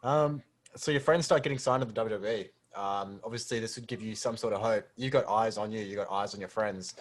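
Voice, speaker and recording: Soft low-voiced podcast co-host. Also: male voice, a little fast. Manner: soft-spoken, hesitant with ums and uhs. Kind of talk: casual interview questions.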